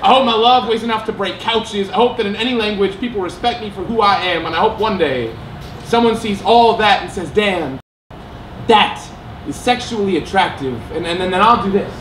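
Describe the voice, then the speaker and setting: A man performs spoken word poetry live in a theater, his voice sitting fairly high. He is emphatic and self-mocking and breaks into laughter easily. The sound is roomy, with a faint hum of the venue behind him. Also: fairly quick, fairly bright tone, far from the mic. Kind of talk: live slam poetry and stage storytelling. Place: theater stage with audience.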